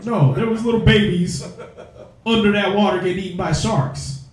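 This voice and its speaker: A man's voice: high voice, normal speed. A man preaching in blunt, profane street talk, mocking the views he argues against. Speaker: teacher of a religious group. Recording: very echoey room.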